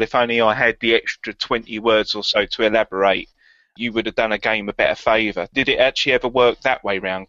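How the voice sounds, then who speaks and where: A man's voice: on the low side, pushed and bright, dry recording. A man, an interviewer who asks long, winding questions and thinks aloud as he goes. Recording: dry, dull lo-fi sound.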